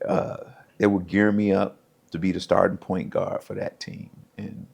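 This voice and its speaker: A man's voice: sits low, moderate pace, gravelly. A middle-aged man, a former pro football player, telling stories as a podcast guest and acting out what others said. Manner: animated storyteller, acts out quotes. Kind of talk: casual storytelling interview.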